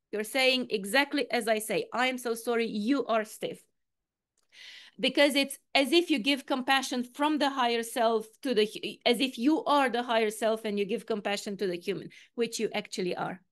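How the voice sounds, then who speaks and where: A woman coach leading a guided meditation over a video call, with calm, repetitive, step-by-step instructions. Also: on the high side, moderate pace. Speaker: quantum coach and healer, guest speaker. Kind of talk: guided meditation in an online talk.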